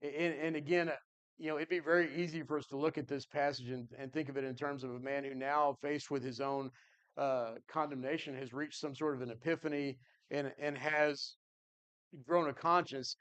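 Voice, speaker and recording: A man's voice: a little high, fairly even intonation, a little fast, fairly bright tone, clear, resonant tone. A man teaching a Bible class in an earnest, conversational way, thinking aloud and answering his class.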